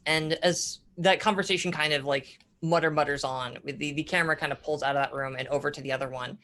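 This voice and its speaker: Low-voiced woman game master narrating. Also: fairly even intonation, quick pace, a bit bright. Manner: casual, filler-heavy narration.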